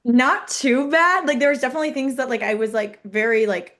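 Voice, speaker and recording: Chatty young woman, higher voice. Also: brisk, a bit bright. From Iowa, US. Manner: chatty, heavy use of "like". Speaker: head wrestling coach, guest. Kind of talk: casual interview chat.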